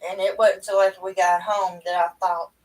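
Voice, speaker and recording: A woman's voice: medium pitch, level tone, brisk. A middle-aged woman, chatting in a rambling, folksy way to her livestream viewers from home over a webcam. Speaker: livestream host. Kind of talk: casual chat to viewers. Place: at home indoors. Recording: voice a bit far from the mic.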